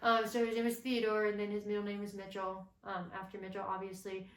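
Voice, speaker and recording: A young woman telling a personal story to the camera in a relaxed, chatty way, with plenty of fillers. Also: mid-range voice, fast. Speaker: vlogger co-host. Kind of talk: casual storytelling chat. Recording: roomy echo.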